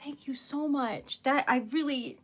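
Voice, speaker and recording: A woman's voice: sits high, fairly even intonation, measured pace, a bit bright. A young woman running a casual livestream for her small business, flustered and giggly as she thanks viewers.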